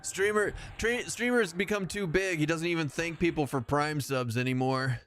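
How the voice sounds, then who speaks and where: A man's voice: a little high, moderate pace, a bit bright, a little hiss or hum. A man chatting casually as he streams a game live, rambling and self-mocking and laughing often.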